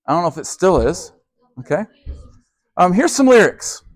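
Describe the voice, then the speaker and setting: Animated youth pastor teaching, dry sound. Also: male voice, sits high, moderate pace, no echo. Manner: conversational, keeps checking in with rhetorical "okay?"; restarts and repeats words often.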